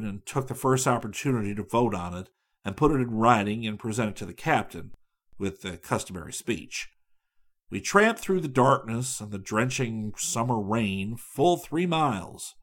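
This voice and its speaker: A man reading a travel story aloud in measured audiobook narration. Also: on the low side.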